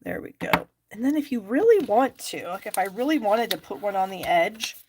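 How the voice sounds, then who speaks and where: This woman has a mid-range voice with big pitch swings, speaking at normal speed over a little hiss or hum. She hosts a live stamping class, a craft demonstration where she chats, uses fillers, and thinks aloud as she goes.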